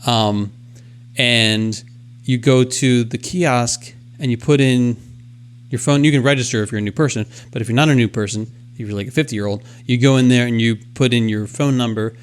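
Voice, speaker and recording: A man's voice: medium pitch, moderate pace, clean tone. A man co-hosting a podcast, telling a story with lots of fillers and mimicked machine sounds. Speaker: podcast co-host. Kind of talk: casual chat.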